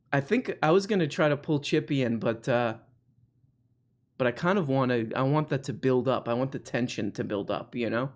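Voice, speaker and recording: A man's voice: mid-range voice, unhurried, pauses often. A man hosting a live call-in stream, rambling and joking with callers, full of "like" and restarts. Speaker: host of a live call-in show. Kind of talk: casual live-stream chat.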